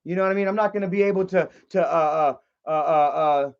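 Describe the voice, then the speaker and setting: A high-pitched man talks to his livestream chat, agitated and confrontational. He rambles with lots of fillers and restarts. The audio is dull and lo-fi. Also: quick pace, clean tone.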